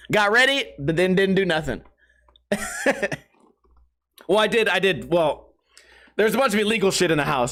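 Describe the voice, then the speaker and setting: A man in his thirties, a vlog host, telling rambling stories in a slangy, swearing, casual way, laughing often and losing his train of thought. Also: sits high. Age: 30s. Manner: slangy and animated when retelling stories.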